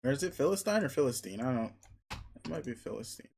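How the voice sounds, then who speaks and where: A man reading a webcomic, pausing for a casual, self-deprecating aside. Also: mid-range voice, creaky, darkish tone, a little hiss or hum. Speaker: webcomic reader.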